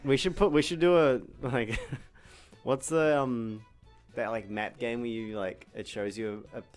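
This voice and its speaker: A man's voice: medium pitch, steady tone, soft background music. A young man co-hosting a casual stream, throwing in jokey remarks. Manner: jokey, quick interjections. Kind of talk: casual chat.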